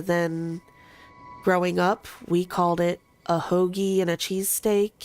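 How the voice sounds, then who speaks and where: A woman with a Philadelphia and South Jersey accent, chatting casually and thinking out loud while streaming a video game. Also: fairly low pitch. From Philadelphia, then southern New Jersey. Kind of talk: casual gameplay commentary.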